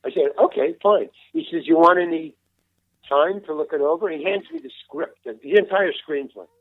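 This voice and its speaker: An older man, a veteran actor, rambles through anecdotes during an interview, performing the dialogue he quotes. His voice is fairly high and brisk, heard over a tinny, phone-like line that's dry with no room sound.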